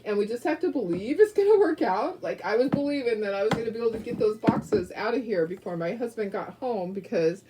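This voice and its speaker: A woman's voice: a little high, expressive, fairly quick, few pauses, noisy background. A woman hosting a craft video, chatting casually and telling stories while she paints, rambling a little and laughing often. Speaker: craft show host.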